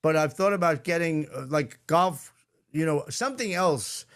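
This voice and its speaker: Chatty male podcast host, slightly high voice. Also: normal speed, a bit bright. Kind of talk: casual podcast chat. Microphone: video call.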